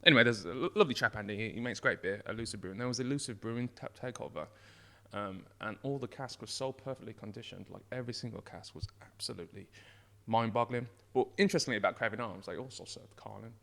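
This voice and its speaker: A man, a brewery founder chatting as a podcast guest, telling excitable, rambling stories. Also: fairly low pitch, fast talker, vocal fry. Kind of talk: casual chat.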